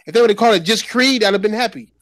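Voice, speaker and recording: Casting: high-pitched man, teasing heckler, crude banter. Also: very fast, a bit bright. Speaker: podcast co-host. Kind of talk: casual gaming chat.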